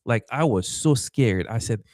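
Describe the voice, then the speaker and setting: A man's voice: mid-range voice, measured pace, no echo, clean studio sound. A man from Haiti, a pastor telling a story in a podcast interview, acting out voices and stammering as he goes. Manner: animated, acts out quoted voices, stammers and repeats.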